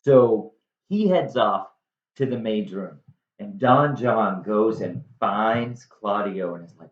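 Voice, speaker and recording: Relaxed man retelling a play, slow and casual. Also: lowish voice. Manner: casual, joking, filler-heavy. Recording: dull echoey room recording.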